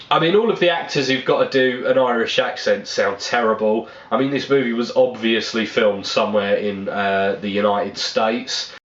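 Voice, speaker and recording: A man's voice: on the low side, roomy sound, lo-fi sound. A man giving a casual spoken movie review, rambling and blunt, swearing freely.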